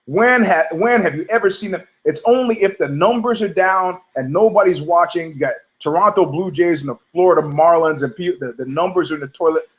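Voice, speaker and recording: A man's voice: sits high, fairly quick, hardly any pauses, poor audio. A man from New York, hosting a show, delivering a profane, heated, rambling rant full of restarts. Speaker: podcast host. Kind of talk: ranting monologue.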